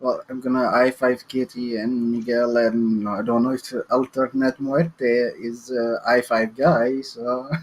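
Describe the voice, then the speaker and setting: A man's voice: medium pitch, flat delivery, slightly rough, low-quality recording. A man playing a tabletop game, speaking hesitantly and stopping often to say "well". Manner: hesitant, halting with many "well"s. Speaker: player. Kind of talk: in-character tabletop play.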